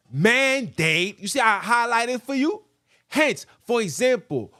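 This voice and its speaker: A man's voice: high voice, a bit bright. A man hosting a podcast, reading a text aloud and breaking off into emphatic, preachy commentary. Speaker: podcast host.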